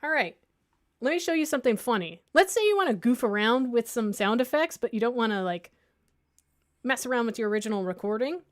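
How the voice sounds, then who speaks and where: Chatty woman librarian teaching software. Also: on the high side, lively intonation, fairly quick. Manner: chatty, many fillers and restarts, thinks aloud; playful, lightly self-mocking. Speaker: librarian teaching audio editing. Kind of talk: casual screen-share software tutorial.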